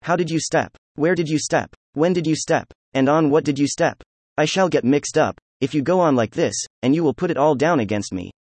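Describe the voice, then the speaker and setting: A man's voice: a little high, a little fast, a little mellow, no room sound, natural voice. A man reading an effusive, defiant young nobleman. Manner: effusive, emphatic, laughing. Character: excitable proud young nobleman under questioning.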